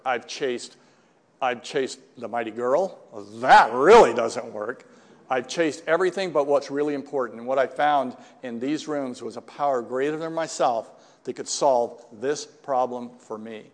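An older man shares his personal story at a recovery meeting, talking in a loose, conversational way and often tossing in quick asides to the room. His voice sits at an ordinary middle pitch, and the sound carries a long hall reverb.

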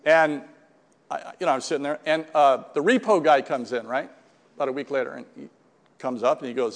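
A man's voice: on the high side, brisk. A middle-aged man telling a rambling, self-mocking personal recovery story to a group, acting out the dialogue as he goes. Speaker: speaker sharing a recovery story. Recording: long hall reverb.

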